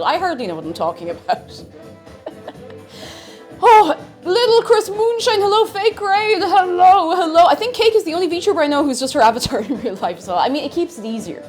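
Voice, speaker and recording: A woman streaming live, chatting casually and bubbly, loudly greeting her chat and chanting playfully. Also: sits high, expressive, brisk, faint music behind.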